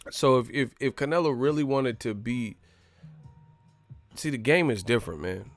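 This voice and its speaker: A man's voice: medium pitch, a little slow, faint music behind. Loose-talking man on a stream. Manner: loose, slangy, profane, laughing storyteller. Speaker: live stream host. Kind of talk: casual boxing talk.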